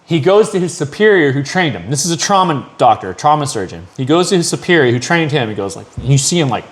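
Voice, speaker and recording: A man's voice: fairly high pitch, quick pace. A man hosting a podcast, telling a long story in casual chat, swearing often and acting out the people in it. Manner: profane, animated storytelling with acted quotes. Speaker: podcast host.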